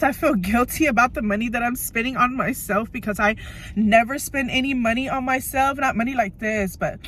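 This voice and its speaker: A woman's voice: medium pitch, fairly bright tone. Nervous woman vlogger, 30s, on the edge of tears in her car, rambling, faint hum behind. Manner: nervous, emotional, rambling with many fillers. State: teary, on the verge of crying. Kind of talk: tearful personal vlog. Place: inside a parked car.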